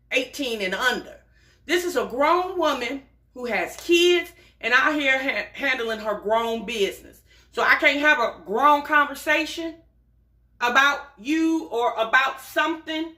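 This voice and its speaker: A bright, sharp-toned woman in her forties talks straight to her viewers, sassy and direct. She tosses in honey and baby and keeps checking okay? Her fairly high voice rings in a roomy, echoing space. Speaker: reaction video host. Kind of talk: casual commentary to camera. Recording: roomy echo.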